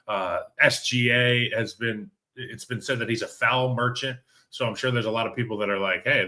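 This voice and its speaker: A man's voice: medium pitch, pushed and bright. A man co-hosting a sports talk show, chatting casually and telling stories over a video call. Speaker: podcast co-host.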